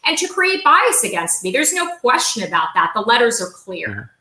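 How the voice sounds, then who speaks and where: A woman's voice: fairly high pitch, very animated, normal speed, sharp tone, roomy sound, poor audio. A middle-aged woman giving emphatic interview answers as a podcast guest, often repeating her key phrases.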